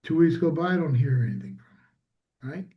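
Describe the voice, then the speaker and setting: A man's voice: a little high, very animated, normal speed, dull audio. A man, a small business owner, telling a story in casual conversation and acting out quoted dialogue.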